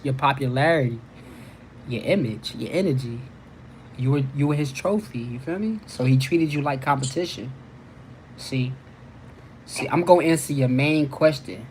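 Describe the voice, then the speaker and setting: A man's voice: mid-range voice, a little mellow, a little hiss or hum, rough recording. A man hosting a live call-in advice show, direct and emphatic, often checking "you know what I'm saying". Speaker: host.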